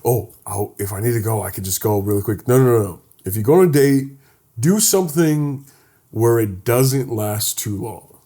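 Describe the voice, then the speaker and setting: A man's voice: medium pitch, normal speed. A young man co-hosting a comedy podcast, telling mock-serious stories in casual chat. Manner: joking, deadpan mock-serious storytelling. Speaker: podcast co-host.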